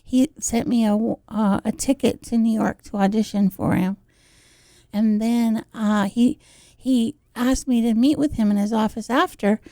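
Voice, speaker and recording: A woman with a high, bright-pitched voice tells stories as a radio guest, animated and quick to act out each person she mentions. The sound is dry and close, with no room around her. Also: dry recording. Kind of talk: casual storytelling chat.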